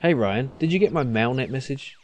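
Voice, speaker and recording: A man's voice: mid-range voice, animated, brisk, slight background noise, close to an everyday voice. A man voicing a grumpy middle-aged bar owner who talks bluntly and dismissively. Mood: gruff.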